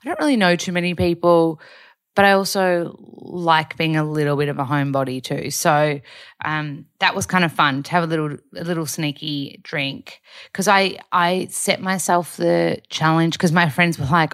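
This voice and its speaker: Chatty low-voiced woman. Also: steady tone, normal speed, fairly bright tone. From Australia. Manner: chatty, rambling, with many fillers. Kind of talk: casual chat.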